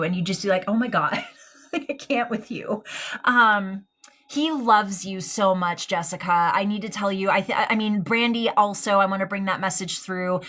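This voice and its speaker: A woman's voice: medium pitch, a bit bright. A woman giving a live-streamed mediumship reading, affectionate and hesitant, full of ums and likes. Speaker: psychic medium.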